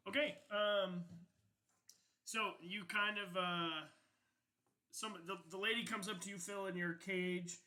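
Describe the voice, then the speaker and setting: Ein junger Mann, der als Spielleiter locker und ausschweifend eine Tischrollenspiel-Szene erzählt, mit vielen Füllwörtern und Flüchen. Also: male voice, high-pitched, steady tone, takes it slowly, long pauses, bright, forceful tone, poor audio. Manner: casual, rambling with many fillers and profanity. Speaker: game master. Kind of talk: narrating a tabletop game.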